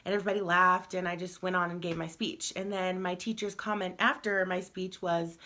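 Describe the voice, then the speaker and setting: A heavily pregnant young woman talking casually in a home vlog, chatty and rambling, laughing often and filling pauses with "um" and "like.". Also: lowish voice, steady tone, bright, forceful tone. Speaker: vlogger.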